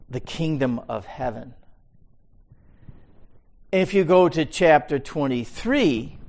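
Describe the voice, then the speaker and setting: A man leads a Bible study in an unhurried, deliberate way. His voice is gravelly with a mid-range pitch. He is emphatic, repeats his key words, and swings between quiet asides and loud pronouncements. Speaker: Bible teacher.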